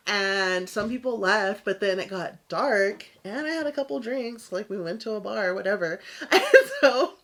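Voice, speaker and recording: A woman co-hosting a podcast, telling a story in casual chat, laughing often and acting out other people's lines in a higher voice. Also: normal speed, fairly bright tone. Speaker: podcast co-host.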